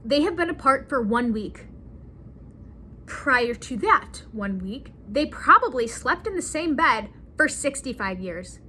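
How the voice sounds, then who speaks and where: A young woman vlogging about a movie in casual chat, giggly and animated, acting out the characters' lines. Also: high-pitched, measured pace, a little hiss or hum.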